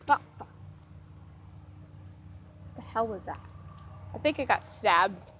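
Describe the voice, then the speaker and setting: Slow, goofy young woman vlogging. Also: medium pitch, expressive, noisy background. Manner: goofy, rambling, mock-dramatic. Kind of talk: casual rambling vlog commentary.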